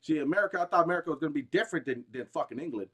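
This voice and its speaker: A gaming streamer delivering a heated, rambling, profane rant, restarting sentences often and bursting out with emphasis. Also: male voice, on the high side, lively intonation, very fast, fairly bright tone, husky. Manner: agitated, emphatic outbursts.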